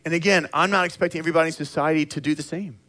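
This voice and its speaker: A middle-aged man from the United States preaching a sermon in an animated, conversational way, acting out little scenes. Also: a little high, very fast. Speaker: pastor.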